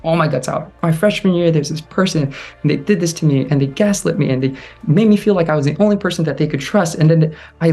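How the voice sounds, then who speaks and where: A young man tells his own story in a rapid, earnest rush, peppering it with "like". His voice sits a little high. Soft music plays faintly underneath. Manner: fast, earnest, heavy on "like". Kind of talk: personal storytelling.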